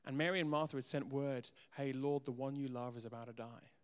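A man's voice: mid-range voice, fairly even intonation, a little fast, clear, resonant tone. Male pastor preaching in a reverberant hall. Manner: earnest, swings between soft asides and emphatic rises. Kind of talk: sermon.

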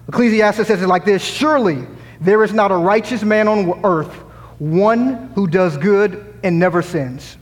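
High-voiced man preaching in a reverberant hall. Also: a little slow. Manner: preaching with rising emphasis, quoting scripture; humorous asides. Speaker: pastor. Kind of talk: sermon. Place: church sanctuary.

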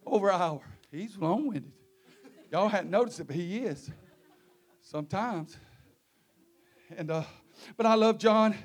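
Man preaching a fervent sermon, very high raspy voice, sing-song delivery. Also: unhurried, pauses often.

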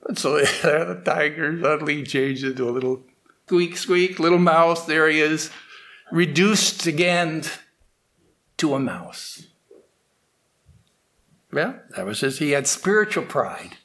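A man giving a morning spiritual talk, telling a fable in a slow, halting way with restarts. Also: a little high, expressive, a bit bright. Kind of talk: sermon with storytelling.

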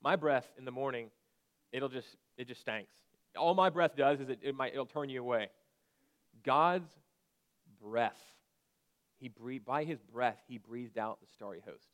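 A man in his thirties preaching a conversational sermon and at times breaking into sharp shouted commands. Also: medium pitch, unhurried, pauses often. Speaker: pastor.

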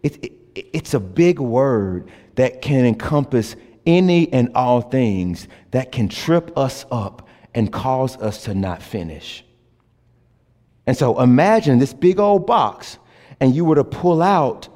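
A man preaching a sermon in a lively, folksy way, swinging between loud emphasis and hushed passages. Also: mid-range voice, a little slow. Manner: folksy, says y'all. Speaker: pastor. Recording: long hall reverb.

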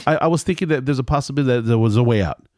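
A man's voice: medium pitch, very fast, darkish tone, no echo, studio quality. A middle-aged man telling a family story in casual conversation, rambling and correcting himself as he acts out quoted lines.

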